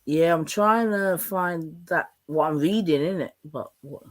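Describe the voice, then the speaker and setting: A man hosting a live stream, chatting loosely and reading articles aloud with quick asides, his throat a little sore. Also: on the high side, fairly bright tone. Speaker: livestream host. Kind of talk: casual live-stream chat.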